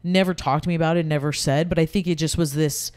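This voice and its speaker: A woman's voice: low-pitched, steady tone, fast, a little mellow, clean tone. A woman speaking as a podcast guest, talking candidly and heartfelt about grief, rambling with frequent restarts.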